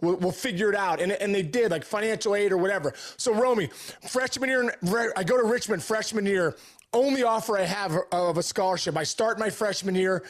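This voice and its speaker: A man's voice: high voice, brisk. A middle-aged man, a podcast guest, telling a story in eager, earnest conversation, often restarting his sentences.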